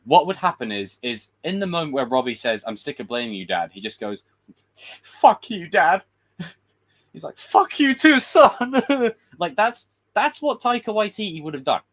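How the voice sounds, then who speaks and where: A man hosting a livestream, giving blunt, profane film opinions in casual, rambling talk. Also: a little high. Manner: rambling with quick voiced impressions. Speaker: livestream host.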